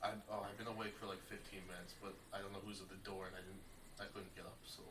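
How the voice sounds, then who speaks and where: A man's voice: low voice, flat delivery, fast, fairly bright tone. A man playing a groggy young fiancé, just awake. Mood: drowsy. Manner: groggy, drowsy and casual. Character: soft-spoken male fiancé waking from sleep. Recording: roomy, distant and noisy.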